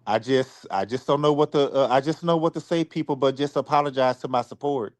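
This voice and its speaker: On a live stream, a man apologizes to his supporters, sounding close to tears. His speech is halting, and he keeps repeating himself or starting sentences over. His voice sits at a medium pitch, with no echo in the recording.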